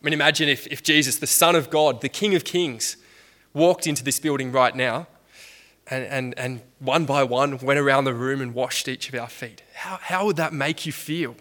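A man with a bright, forceful voice preaches a Sunday sermon. He talks conversationally, restarting phrases and asking his listeners rhetorical questions. His delivery sounds like everyday talk more than oratory. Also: medium pitch, moderate pace.

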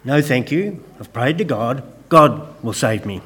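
A man voicing a stubborn man adrift at sea in a joke, slow and insistent in refusing help. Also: mid-range voice, expressive, a bit bright, husky.

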